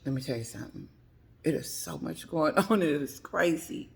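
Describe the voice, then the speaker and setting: Woman vlogger, husky-low fry in the voice, dishing dramatic celebrity gossip. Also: animated, normal speed, slight background noise. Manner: chatty, dramatic, laughs between remarks. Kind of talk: casual commentary vlog.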